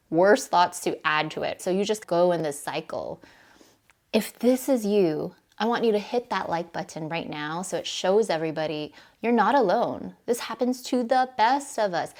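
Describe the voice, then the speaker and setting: A woman's voice: medium pitch, a little mellow. A woman life coach in a casual advice vlog, talking earnestly and encouragingly straight to the viewer, chatty with little "right?" asides.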